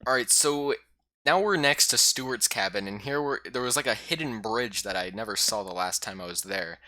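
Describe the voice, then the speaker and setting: Man, bright crisp voice, dry close sound, excitable rambling game recap. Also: lowish voice, normal speed, no echo. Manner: rambling, excitable, many fillers. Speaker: YouTuber. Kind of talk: casual game recap voice-over.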